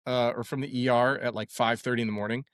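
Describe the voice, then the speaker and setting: A young man, a podcast guest, telling a story in a loose, animated way with lots of fillers. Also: mid-range voice, fast, clear, resonant tone, dry recording, clean studio sound. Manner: rambling, animated retelling with many fillers. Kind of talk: casual storytelling.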